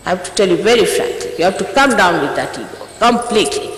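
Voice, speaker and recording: A woman in her sixties delivers a stern, reproachful address, her pitch leaping up and down with lively emphasis. Her voice rings through a large hall with a long, echoing reverb. A faint hum of ambience sits under this old archive tape. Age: 60s. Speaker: spiritual teacher. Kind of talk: scolding address to followers.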